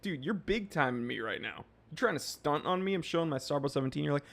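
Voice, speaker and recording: A man's voice: fairly high pitch, expressive, fast talker, vocal fry, few pauses, a bit bright. A man in his thirties hosting a livestream, casually reading viewer comments aloud and joking with the chat. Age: 30s. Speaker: livestream host.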